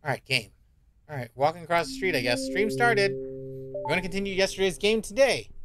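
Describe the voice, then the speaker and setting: This man's voice sits a touch high for a guy. He gives loose, casual horror game commentary, reacting jumpily, swearing freely and repeating his worries aloud. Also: expressive, brisk, music in the background. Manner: jumpy, reactive and profane, with repeated worried remarks. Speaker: streamer.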